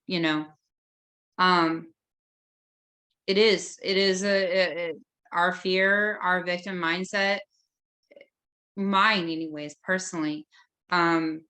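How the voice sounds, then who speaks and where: A woman's voice: on the low side, fairly bright tone. A woman taking part in a course discussion, talking casually and hesitantly with many fillers. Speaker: course participant.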